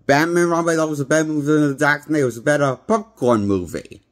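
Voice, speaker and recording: Filmed on a handheld phone, a movie critic delivers a casual review in a rambling, blunt manner, repeating himself. He talks at a quick pace in a voice on the high side.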